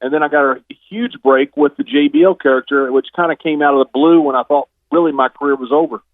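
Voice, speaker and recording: A man in his fifties telling stories as a guest on a phone interview, relaxed and chuckling now and then. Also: on the high side, fast talker, dry recording. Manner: relaxed storyteller, chuckles often. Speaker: guest, retired pro wrestler. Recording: dry tinny phone line.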